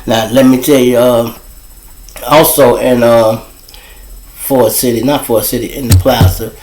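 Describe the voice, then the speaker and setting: A man telling casual, profane street stories as host, animated and swearing freely. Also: unhurried, reverberant, faint music behind, poor audio. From Chicago. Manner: animated, profane, jumps to high voices for quoted people. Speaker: storyteller host.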